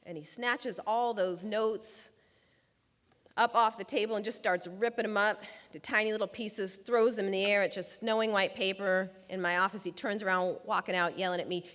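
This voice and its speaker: A woman's voice: mid-range voice, fairly even intonation, normal speed, fairly bright tone. A woman giving a prepared talk, telling a personal story and acting out the voices of the people in it. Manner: storytelling, acts out quoted voices. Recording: long reverb of a large hall.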